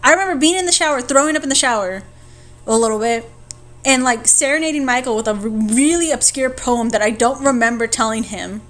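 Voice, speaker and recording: A woman's voice: fairly high pitch, a little fast, fairly bright tone, faint music behind. A young woman co-hosting a podcast, telling a story in casual chat, laughing and swearing freely. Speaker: podcast co-host.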